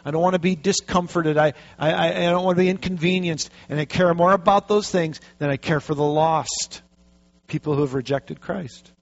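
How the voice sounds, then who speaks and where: A man preaching a sermon, telling a story with lively, animated delivery and acting out the quotes. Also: on the high side, normal speed. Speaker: pastor. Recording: dull lo-fi recording.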